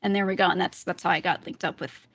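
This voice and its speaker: A woman's voice: lowish voice, steady tone, fairly bright tone, breathy edge, no echo. A woman guest on a podcast, telling a long story in casual chat with frequent laughs. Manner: chatty storyteller, quick laughs.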